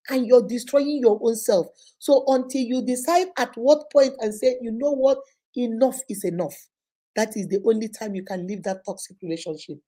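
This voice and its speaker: Lady preaching relationship advice, husky mellow voice, kinda high, goes hard on repeats. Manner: passionate, preachy, repeats for emphasis. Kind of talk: live advice talk to viewers.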